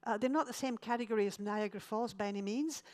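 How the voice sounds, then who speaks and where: A woman's voice: medium pitch, fast, darkish tone. Woman giving a chatty travel talk. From Scotland. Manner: chatty, with dry self-mocking jokes. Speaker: lecturer. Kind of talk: illustrated travel lecture.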